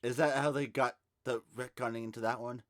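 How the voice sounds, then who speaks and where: A man's voice: medium pitch, fairly even intonation, fairly quick. A man co-hosting a comic book podcast in casual chat, tossing in dry wisecracks. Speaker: podcast co-host.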